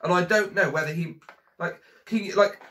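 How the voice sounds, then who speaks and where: A man's voice: high voice, moderate pace, pushed and bright. A young man hosting a casual podcast while tipsy, rambling and giggly. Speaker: podcast host.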